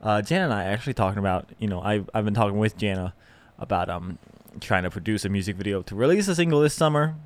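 A young man hosts a casual solo podcast in a fairly low, expressive voice at a quick pace. He rambles and pokes fun at himself, with plenty of fillers and restarts.

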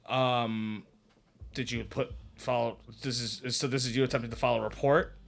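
A man narrating a tabletop game as game master in a casual, halting way. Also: mid-range voice, steady tone, vocal fry.

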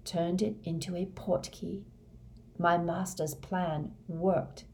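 A woman reading a fanatical young male dark wizard's confession in a flat, hushed monotone. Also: on the low side, slow, slight background noise. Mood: confessing.

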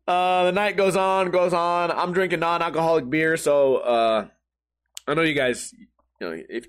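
Man telling a story, high lively voice, profane and laughing. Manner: profane, animated, laughs often. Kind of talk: casual comedic storytelling.

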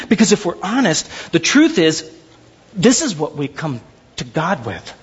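Animated, high-voiced male pastor preaching. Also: breathy edge, muffled recording. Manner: animated, swings from high excited asides to low slow emphasis; stammers and repeats words when excited. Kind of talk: sermon.

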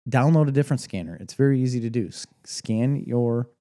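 Mellow-voiced man laughing easily. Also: medium pitch, fairly quick. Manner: laughs easily, explains patiently. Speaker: podcast co-host. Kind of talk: casual chat and plugs.

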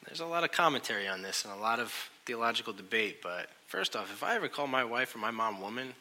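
A man preaching a sermon in a lively, joking way, often asking his listeners questions. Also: medium pitch, quick pace. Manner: animated, joking, asks the crowd questions. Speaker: pastor.

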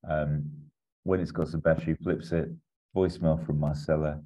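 A man chatting casually as a podcast co-host, rambling through a pitch with lots of fillers and chuckles. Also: level tone, moderate pace, warm tone. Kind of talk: casual chat. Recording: slightly muffled recording.

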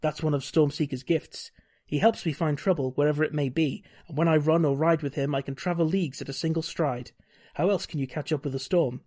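A man's voice: fairly high pitch, fairly even intonation, fairly quick, a little mellow, lightly acted. A man reading aloud the lines of a cheerful young half-elf ranger from a gamebook, in a plain reading voice.

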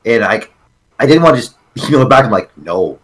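A man's voice: medium pitch, animated, quick pace, a bit bright, breathy edge, low-quality recording. A man in his forties co-hosting a casual chat, telling a story in a rambling way full of filler words and jokes. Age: 40s. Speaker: podcast co-host.

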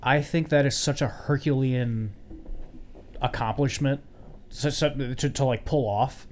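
A man's voice: medium pitch, a little slow, slight background noise. A man co-hosting a casual podcast chat, wry and joking, swearing casually. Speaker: podcast co-host.

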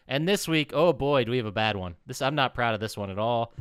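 Bright lively male podcast host. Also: mid-range voice, quick pace, smooth, no echo, clean studio sound. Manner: lively, runs the segments, swears casually. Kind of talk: casual podcast hosting.

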